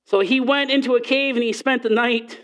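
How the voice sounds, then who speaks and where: High-voiced animated male preacher. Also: fairly quick. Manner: animated storytelling, acts out voices in quotes. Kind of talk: sermon.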